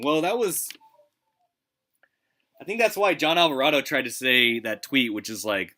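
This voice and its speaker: Bright-toned rambling gaming streamer guy. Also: mid-range voice, very animated, normal speed. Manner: rambling, swears, lots of restarts. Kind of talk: casual live gameplay commentary.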